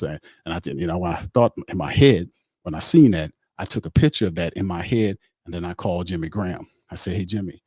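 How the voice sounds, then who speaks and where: A man's voice: low voice, breathy edge, no room sound, clean studio sound. A man doing a comic impression of a rambling, boastful male pro quarterback. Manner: rambling comic storytelling with mock dialogue.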